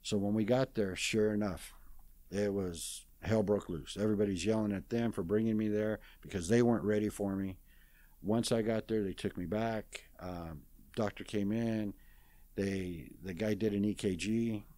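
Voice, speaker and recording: In a lowish, steady, dark voice at a moderate pace, a man in his sixties casually retells a story as an interview guest, captured on a dry recording. His plain-spoken, folksy account is full of "I says," and he performs other people's lines in quoted dialogue.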